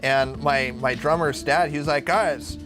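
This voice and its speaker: A man's voice: on the high side, fairly even intonation, a little slow. A young man from Arizona chatting casually while cooking on a live stream, brash and profane, jumping from topic to topic. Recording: music playing under the voice. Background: guitar music.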